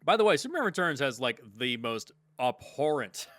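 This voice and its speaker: A man's voice: medium pitch, sing-song, normal speed, a bit bright, dry recording, clean studio sound. A man in casual podcast chat who talks animatedly, laughs often and swears now and then. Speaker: podcast panelist.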